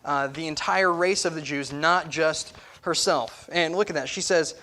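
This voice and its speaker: A man preaching a conversational sermon as pastor, asking the congregation to follow along and acting out quoted speech with a rising, louder voice. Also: normal speed. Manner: acts out quoted speech with rising pitch and volume. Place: church sanctuary.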